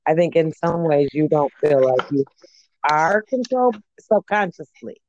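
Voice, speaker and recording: A woman's voice: sits low, very animated, moderate pace, a little mellow. A middle-aged woman in a casual conversation, asking probing questions. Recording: dull lo-fi audio with faint noise.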